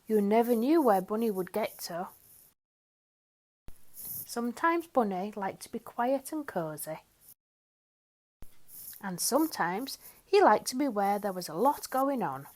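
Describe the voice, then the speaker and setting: A woman's voice: medium pitch, a little slow, pauses often. Woman reading a picture book aloud. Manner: expressive, sing-song storytelling. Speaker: storyteller.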